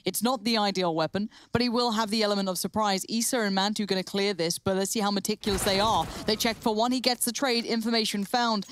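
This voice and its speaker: A woman's voice: mid-range voice, fairly even intonation, fast talker, few pauses, a little hiss or hum. A woman giving fluent, analytical play-by-play on a live esports match. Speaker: esports caster.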